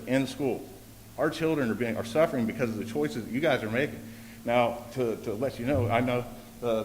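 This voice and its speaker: A man, a parent, giving an earnest public comment at a school board meeting, often repeating himself as he pleads his case. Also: mid-range voice. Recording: echoey meeting hall, faint background hiss.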